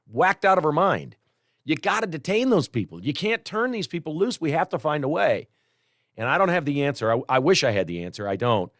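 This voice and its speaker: A man hosting a talk radio show, speaking in an earnest, conversational monologue that turns animated when he gets worked up. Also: on the high side, no echo, studio quality.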